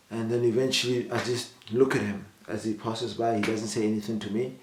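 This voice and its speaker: A man's voice: a little fast, hardly any pauses, roomy sound, slight background noise. A young man from South Africa telling personal stories to camera in a casual vlog, acting out the people he quotes with a raised voice. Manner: animated retelling, voices the people he quotes with rising pitch. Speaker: vlogger.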